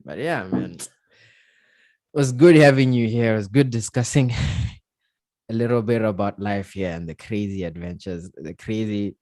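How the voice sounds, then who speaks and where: A man's voice: fairly low pitch, measured pace, no echo, studio quality. A man hosting a casual podcast chat, telling stories with lots of slang and laughter. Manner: animated storytelling with slang and laughter. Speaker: podcast host.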